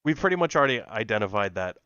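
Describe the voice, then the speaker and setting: A man co-hosting a podcast talks in a lively, sarcastic, profane way and laughs often. His low voice is bright and smooth. The sound is dry and a little dull. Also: fast, no echo. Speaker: podcast co-host. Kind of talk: casual reaction chat.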